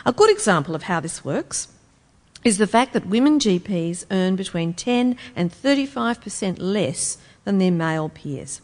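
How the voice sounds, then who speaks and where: A woman's voice: medium pitch, animated, moderate pace, darkish tone, in a large hall. A woman giving a public lecture in a wry, emphatic, rhetorical manner. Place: lecture hall.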